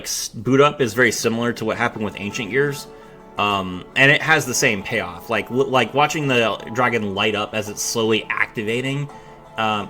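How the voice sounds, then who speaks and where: Bright-voiced man ranting about game animations. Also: mid-range voice. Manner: blunt, opinionated, many "like" fillers. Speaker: game reviewer host. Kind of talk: casual commentary.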